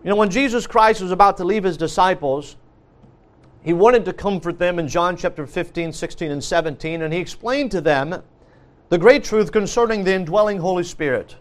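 A man's voice: high voice, moderate pace. A man preaching a sermon, earnest, repeating key phrases with frequent restarts and fillers.

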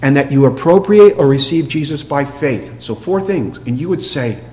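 A man preaching a sermon in an emphatic way, asking rhetorical questions and dropping to a soft hush for quoted lines. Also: mid-range voice, animated, moderate pace. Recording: long hall reverb with faint hum.

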